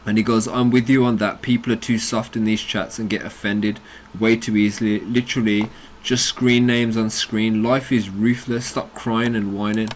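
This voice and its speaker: A man's voice: fairly low pitch, level tone, moderate pace, a little hiss or hum. A British man hosting a crypto channel, ranting bluntly and combatively about a chat argument, with plenty of swearing. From United Kingdom.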